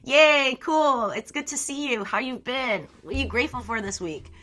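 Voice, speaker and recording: A woman's voice: sits high, normal speed, fairly bright tone. A young woman streaming live, chatting casually with viewers, reading their messages aloud and laughing often.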